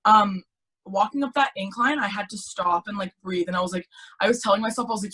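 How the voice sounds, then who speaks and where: A teenage girl in casual chat, telling her story in an animated way with lots of filler words. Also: medium pitch, fast talker, husky. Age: teens. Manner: chatty, animated storytelling with many "like"s. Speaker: guest.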